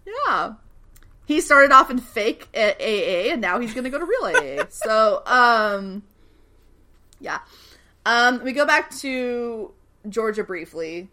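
Bright young woman chatting fast about a tv episode, voice jumps all over, swears a lot. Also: a little high. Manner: animated, swears freely, acts out characters' lines. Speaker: podcast co-host recapping a TV show. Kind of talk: casual chat.

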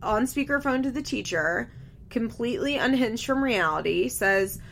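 A woman's voice: fairly high pitch, expressive, moderate pace, creaky, fairly bright tone, a little hiss or hum. A young woman chatting casually as she recaps a reality show, candid, laughing often and swearing freely. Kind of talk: casual chat.

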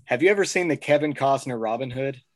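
A man co-hosting a casual discussion, telling stories in an animated way and laughing as he talks. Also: mid-range voice, fast, no room sound. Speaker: podcast co-host.

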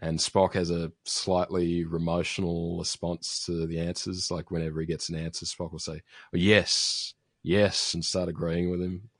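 A man's voice: sits low, monotone, moderate pace, hardly any pauses, no room sound, studio quality. A man casually recapping a TV episode as a podcast host, rambling with fillers and restarts. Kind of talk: casual chat.

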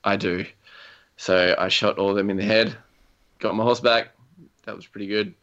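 In a slightly dull lo-fi recording, a young man rambles casually through video game stories, full of fillers and chuckles. His voice is lowish, steady and fairly bright, and he speaks at a normal speed.

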